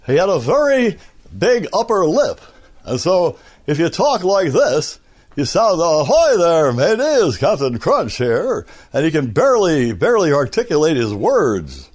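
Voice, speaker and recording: Here the voice actor and radio host sounds a little high at a moderate pace, telling rambling stories in a casual interview while wandering around his home. A cold leaves him a bit short of breath, yet he stays animated and keeps dropping into impressions.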